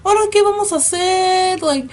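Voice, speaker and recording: A woman voicing her angry Mexican mother, a scolding mom who mixes Spanish and English in a high, shrill voice. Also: brisk, a little hiss or hum.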